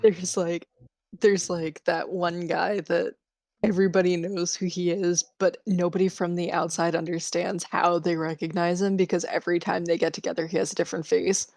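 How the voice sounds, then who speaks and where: Woman, lower voice, easygoing roundtable co-host, dry close sound. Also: level tone, gravelly, a little mellow, no room sound. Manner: easygoing, quick short agreements. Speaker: dungeon master co-host. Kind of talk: casual roundtable chat.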